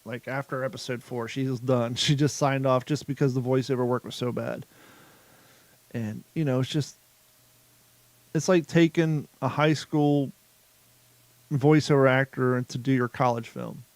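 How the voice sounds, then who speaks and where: A man's voice: mid-range voice, fairly even intonation, unhurried, pauses often, no room sound. A man hosting a casual podcast, rambling loosely and swearing freely as he chats. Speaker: podcast host.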